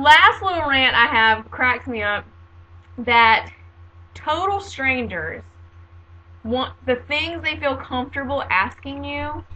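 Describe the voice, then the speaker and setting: A woman in her late twenties talks in a loose, chatty monologue, dropping sarcastic asides and laughing often. Her voice sits a little high and sounds bright and forceful. The audio is dull and lo-fi, like a home video recording. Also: a little hiss or hum. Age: 20s. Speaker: vlogger.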